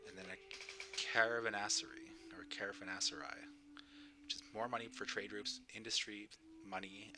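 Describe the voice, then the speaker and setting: A man's voice: sits low, background noise. A tired male streamer casually thinking aloud about game choices, sometimes mumbling. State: tired, yawning. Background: game music.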